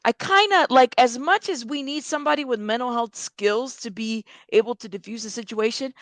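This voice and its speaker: A woman gives chatty reaction commentary on a true crime video and talks straight to her viewers. Her voice sits a little high. The sound is dry and close to the mic. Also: fairly bright tone, no room sound. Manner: chatty, addresses viewers directly.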